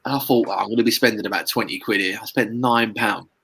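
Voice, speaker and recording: A man's voice: fairly low pitch, quick pace, vocal fry, pushed and bright, slightly rough. A man from the north of England telling rambling stories in casual chat and laughing at himself.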